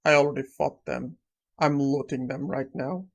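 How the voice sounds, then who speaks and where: A man's voice: mid-range voice, steady tone, normal speed, gravelly. A man voicing a cold, ruthless young necromancer seeking revenge, speaking in a curt, dismissive way.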